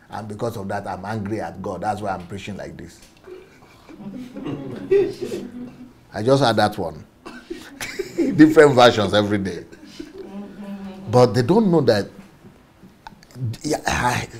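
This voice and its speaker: A man's voice: mid-range voice, a little mellow. A man giving a passionate preaching-style talk, emphatic, repeating key phrases and chuckling as he goes. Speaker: speaker on faith and systems.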